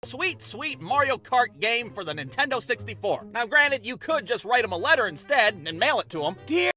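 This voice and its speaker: A young man tells a foul-mouthed story about his childhood in a very high, piercing voice. He is animated and loud, and he slips into yelled impressions of the people in it. Faint music plays behind him. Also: normal speed. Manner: profane, animated, shouting put-on character voices. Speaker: comedian. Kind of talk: storytelling stand-up monologue.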